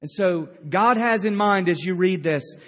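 A man's voice: high-pitched, unhurried, a bit bright, in a large hall. A male pastor preaching a sermon, with emphatic storytelling. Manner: emphatic storytelling with acted-out quotes.

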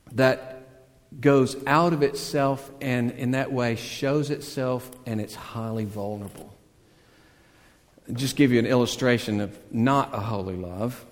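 A man preaching a sermon, earnest and conversational, swelling to loud emphatic peaks and dropping back to a hush. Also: medium pitch, big-room sound. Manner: conversational storytelling with self-deprecating asides. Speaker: pastor.

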